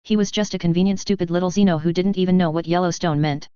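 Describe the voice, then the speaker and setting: A woman narrating a science fiction story in a steady, even storytelling voice, in a dull lo-fi recording. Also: lowish voice, quick pace, clear, resonant tone, no echo. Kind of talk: audiobook narration of a sci-fi story.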